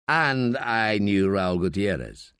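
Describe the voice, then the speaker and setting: A man's voice: on the low side, sing-song, slow, a bit bright, clean tone, dry recording, clean studio sound, pitched below the performer's own voice, full character voice. A man playing a persistent, cool-headed police detective, probing and needling.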